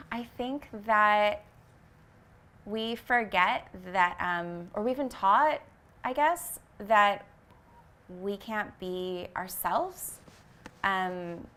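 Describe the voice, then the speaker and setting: A woman with a bright, forward voice speaks earnestly as an interview guest. She talks casually and reflectively, often reaching for words with small fillers and restarts. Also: mid-range voice, slow pace. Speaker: vegan fashion brand founder, interview guest.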